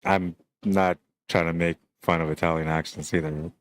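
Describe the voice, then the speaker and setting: At a normal speed, a man with a low voice narrates a pool match live in an easygoing, talkative way, shot by shot. Between them he acknowledges each stream viewer in turn.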